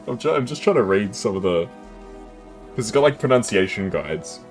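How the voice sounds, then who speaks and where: Deep-voiced, chatty male game streamer. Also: animated, measured pace, soft background music. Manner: chatty, laughs often, self-deprecating. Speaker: gameplay streamer. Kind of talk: casual live-stream commentary.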